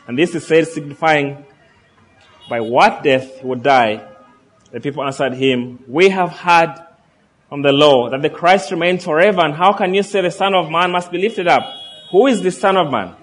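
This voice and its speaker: A man preaching a sermon, reading scripture aloud and earnestly asking his listeners questions. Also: fairly high pitch.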